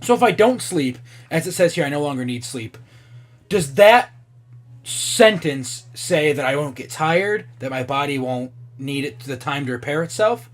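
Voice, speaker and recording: A man's voice: on the high side, animated, moderate pace. A man in his twenties chatting casually on camera, thinking aloud and swearing freely as he reacts. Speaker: vlogger.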